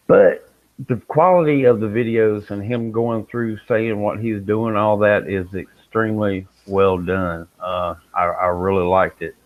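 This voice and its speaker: A man's voice: lowish voice, no room sound. A man on a panel, talking in a laid-back, plainspoken way during a casual chat. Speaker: panel member. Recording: tinny phone-like line.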